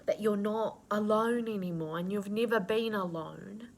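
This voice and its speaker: A woman's voice: mid-range voice, moderate pace. A woman giving a channeled spiritual reading, earnest and nurturing, with casual swearing mixed into her affirmations. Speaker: intuitive reader.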